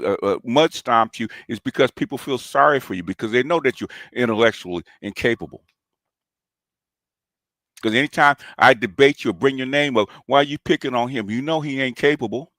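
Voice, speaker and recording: A man's voice: medium pitch, fairly bright tone, dry recording, clean studio sound. A man, hosting a channel and delivering a combative, taunting call-out rant, often tossing in "okay?". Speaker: commentary channel host.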